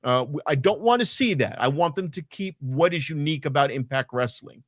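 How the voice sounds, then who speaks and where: A man casually recapping a wrestling show, animated and rambling, with lots of fillers and swearing. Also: on the high side, fairly quick, no echo, studio quality. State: hot and sweaty. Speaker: podcast co-host.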